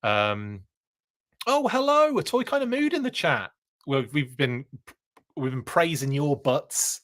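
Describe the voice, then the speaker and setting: A man's voice: on the high side, very animated, measured pace, a bit bright. A man hosting a live podcast, chatting casually and reading viewer comments, rambling with plenty of fillers and playful jokes. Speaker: podcast host.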